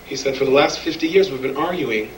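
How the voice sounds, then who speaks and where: In this sermon, a fast-talking man with a medium pitch tells stories and performs the voices of their characters in animated fashion. The recording is echoey, he's far from the mic, and a little hiss or hum comes through.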